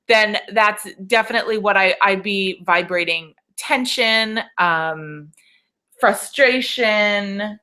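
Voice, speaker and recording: A woman's voice: medium pitch, measured pace, pushed and bright. A woman business coach leading a live webinar training, speaking in a motivational way, asking rhetorical questions and often checking in with "okay?".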